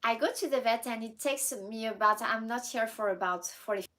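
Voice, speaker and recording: Woman, slightly high voice, animated casual vlog storyteller. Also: moderate pace, rough recording. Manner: animated, switches between English, French and Japanese fillers, laughs often. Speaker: vlogger.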